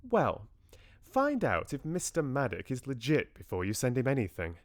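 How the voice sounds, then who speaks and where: A man voicing Lottie, a brisk, skeptical young woman friend, while reading a novel aloud. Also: medium pitch, wildly swooping pitch, dry recording, clean studio sound, pitched above the performer's own voice.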